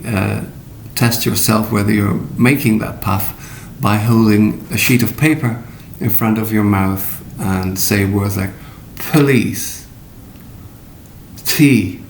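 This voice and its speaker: Slow, gravelly male teacher in an echoey room. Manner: slow, deliberate, with many fillers and demonstrations. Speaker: English pronunciation teacher. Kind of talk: recorded pronunciation lesson. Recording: echoey room with faint rumble.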